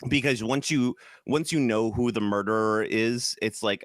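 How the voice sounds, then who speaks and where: A man's voice: lowish voice, normal speed, dry recording, clean studio sound. A man from Chicago co-hosting a podcast, chatting casually in a rambling, enthusiastic way, often trailing off and restarting. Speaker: podcast co-host. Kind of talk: casual chat.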